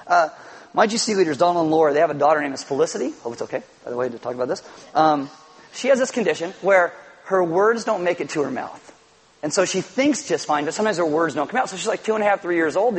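A pastor in middle age preaches with a slightly husky, raised voice. He tells lively stories to the congregation and acts out bits of dialogue as he goes. His voice sits a little higher than most men's. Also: low-quality recording. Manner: animated storytelling with acted-out quotes. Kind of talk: sermon.

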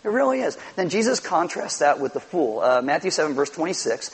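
A man's voice: fairly high pitch, brisk, gravelly, hardly any pauses, husky, low-quality recording. A middle-aged man preaching a sermon to his congregation, telling stories and acting out little quotes. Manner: animated storytelling with acted-out quotes. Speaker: pastor.

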